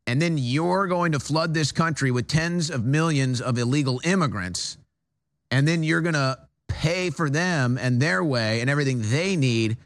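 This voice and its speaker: A man's voice: fairly high pitch, moderate pace. Emphatic male talk show host. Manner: emphatic, repetitive, stammering restarts. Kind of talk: political talk show monologue. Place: studio.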